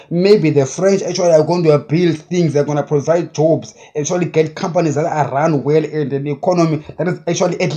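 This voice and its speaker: A man preaching with a high-pitched yet mellow voice. He drives his points home with blunt, repeated short phrases. His delivery is forceful and insistent. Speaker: self-described prophet. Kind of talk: impassioned preaching monologue.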